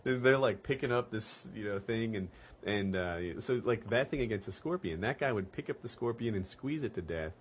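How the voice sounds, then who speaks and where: Low-voiced, lively man hosting a podcast. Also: normal speed, hardly any pauses, a little hiss or hum. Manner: animated, laughs often, rambling explanations. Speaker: podcast host. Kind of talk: casual chat.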